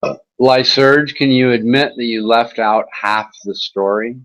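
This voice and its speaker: A man's voice: medium pitch, unhurried, a bit bright, low-quality recording. A man hosting an internet talk show, chatting in a casual, rambling way with mocking sarcasm and swearing.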